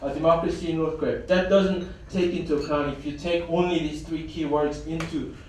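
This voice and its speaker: A man's voice: on the high side, fairly even intonation, fairly quick, a little mellow, far from the mic, slight background noise. A man giving a symposium presentation in a conference hall, hesitant, with many fillers and restarts. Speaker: conference speaker.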